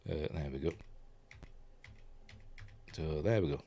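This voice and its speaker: A man's voice: a bass voice, slow, mellow, slightly rough. A Yorkshire man giving a casual, rambling scene-by-scene commentary on a film, often correcting himself and chuckling. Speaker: film reviewer.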